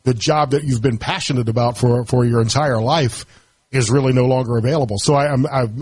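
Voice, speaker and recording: A middle-aged man guest-hosting a radio talk show, speaking reflectively and haltingly with many restarts. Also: medium pitch, a little mellow, slightly rough, no room sound. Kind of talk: radio interview.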